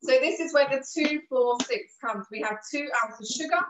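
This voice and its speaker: High, distant woman leading a cooking class. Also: moderate pace, roomy sound, noisy background. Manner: patient, encouraging instructions. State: coughing, throat trouble. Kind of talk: live online cooking lesson. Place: kitchen.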